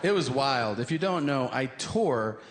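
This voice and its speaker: A man's voice: mid-range voice, expressive, unhurried. A man performing a stand-up comedy set on stage, telling profane stories and acting out the dialogue. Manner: conversational, profane storytelling with acted-out dialogue. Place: comedy stage before a live audience. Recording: live stand-up with loud crowd and room noise. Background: loud audience laughter.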